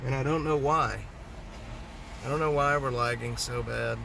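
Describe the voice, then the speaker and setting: A man's voice: mid-range voice, steady tone, moderate pace, creaky, sharp tone, slight background noise. Folksy man livestreaming from his car. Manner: rambling, folksy, joking. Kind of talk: casual livestream chat. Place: parked car at a gas station.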